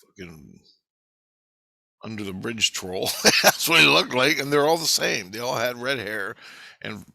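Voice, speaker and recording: Bright rambling profane male storyteller. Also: medium pitch, lively intonation, unhurried, vocal fry, no echo. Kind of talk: casual dream retelling.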